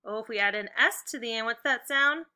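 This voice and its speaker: Leading first graders through phonics drills in a video for students at home, a woman teacher calls out sounds slowly and crisply, enunciating clearly. She cheers them on with upbeat, encouraging praise, her voice very bright, sharp-edged and pitched a touch high.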